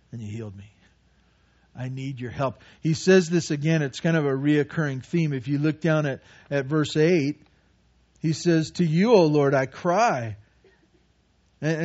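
A man preaching a sermon in an earnest way, often repeating words and swinging between quiet asides and raised, urgent passages. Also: lo-fi sound. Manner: earnest preaching with repeated words and sudden rises in pitch and volume. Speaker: pastor.

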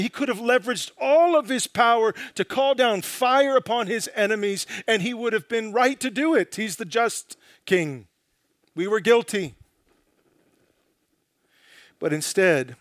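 A man preaching a sermon in a dramatic, emphatic way, often dropping low and slow for quotations. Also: fairly bright tone, dry recording, clean studio sound.

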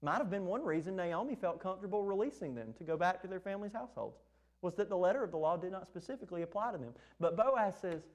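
A man preaching a sermon, lively and animated, acting out the words of the text. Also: fast. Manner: animated, acts out scripture quotes with rising pitch.

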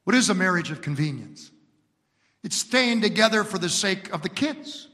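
A male pastor preaching an emphatic sermon built on repeated lines, moving from shouts down to hushed words. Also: sits high, sing-song, moderate pace, long reverb tail.

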